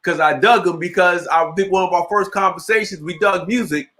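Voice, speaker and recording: A man hosting a talk show, speaking earnestly and reflectively, with lively quoted asides. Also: sits high, a little fast. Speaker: host. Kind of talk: casual chat.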